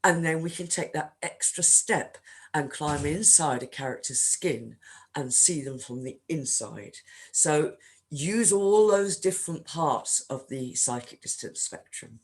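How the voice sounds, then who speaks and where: A woman's voice: deep voice, expressive, measured pace. Woman tutor, chatty with frequent ums. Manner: conversational, frequent um fillers. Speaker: writing workshop tutor. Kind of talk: online workshop talk.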